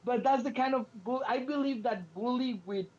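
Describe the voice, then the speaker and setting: A man co-hosting a podcast, telling stories in an animated way and acting out the quotes, with frequent restarts. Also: extremely high pitch, moderate pace. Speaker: podcast co-host. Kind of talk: casual podcast chat. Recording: lo-fi podcast audio.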